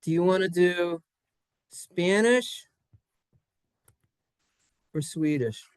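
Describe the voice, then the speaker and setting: A man's voice: high voice, extremely slow, clean tone, dry recording, clean studio sound. A man teaching a playful Hebrew lesson to children in a synagogue classroom, jokey and sing-song.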